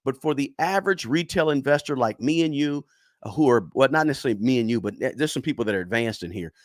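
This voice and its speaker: A man's voice: medium pitch, lively intonation, fast, no echo, studio quality. A man giving personal finance advice to camera in a casual, emphatic way, repeating words for stress and often checking in with "right?".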